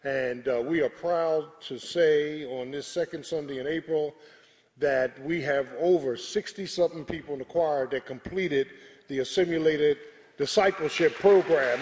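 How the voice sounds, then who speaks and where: Pastor calling out in an echoey church. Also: male voice, fairly high pitch, normal speed, darkish tone, some chatter behind. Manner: exhorting, calls and responses. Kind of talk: church service address. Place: large church sanctuary. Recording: echoey church hall with congregation.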